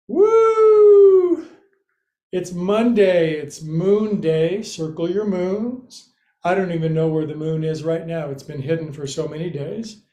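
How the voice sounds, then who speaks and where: A man's voice: a little high, dark tone. A man teaching a livestreamed yoga class, counting and cueing moves with playful jokes. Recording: roomy, echoey room.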